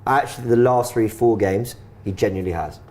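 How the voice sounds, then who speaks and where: A man hosting a live football watchalong, chatting and debating with fellow fans. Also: brisk. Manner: animated, defends his opinion, shifts pitch a lot. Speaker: watchalong host.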